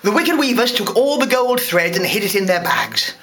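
A man, a parent, reading a fairy tale aloud to a school class in a lively, expressive way. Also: sits high, normal speed. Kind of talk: storybook read-aloud.

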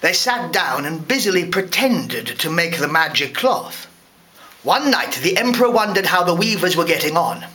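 A man, a parent, reading a fairy tale aloud to a school class in a lively, expressive way. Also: on the high side, normal speed, slight background noise. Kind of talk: storybook read-aloud.

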